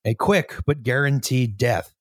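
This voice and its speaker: A man reading a story aloud to a co-host in a measured, steady way, now and then breaking into laughter. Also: mid-range voice, no echo, clean studio sound. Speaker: story reader.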